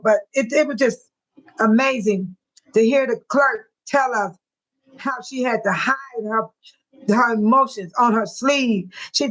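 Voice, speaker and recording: A woman's voice: on the high side, a bit bright, poor audio. A woman hosting a casual livestream, chatting straight to her viewers and reading out their comments. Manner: chatty, talks straight to chat, reads viewer comments aloud. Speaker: livestream host.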